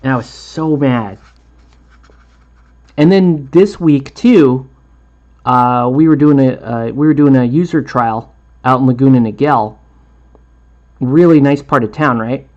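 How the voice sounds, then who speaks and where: Rambling, easygoing male painting host who laughs a lot; average pitch, dull recording. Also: measured pace, long pauses, darkish tone. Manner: rambling, chatty, laughs often. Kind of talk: casual chat while painting a tutorial.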